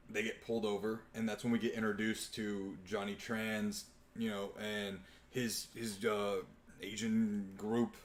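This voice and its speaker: A young man hosting a live podcast, casually chatting and excitedly retelling a movie with lots of swearing. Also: on the low side. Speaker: podcast host. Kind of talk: casual chat on a live stream.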